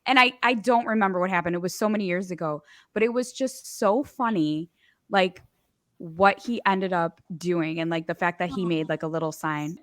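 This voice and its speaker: A woman's voice: on the low side, normal speed, dry recording. Chatty woman on a dry podcast mic. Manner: chatty, laughs often while telling stories. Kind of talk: casual chat.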